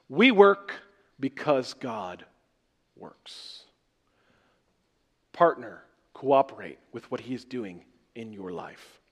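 A man preaching a sermon as pastor, swinging between loud emphatic phrases and soft, trailing words. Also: medium pitch.

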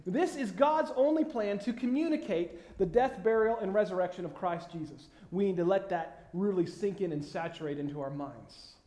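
High-voiced man preaching in an echoey hall. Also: warm tone. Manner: conversational, many fillers and pauses, rising to emphatic questions. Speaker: pastor. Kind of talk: sermon. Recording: echoey room.

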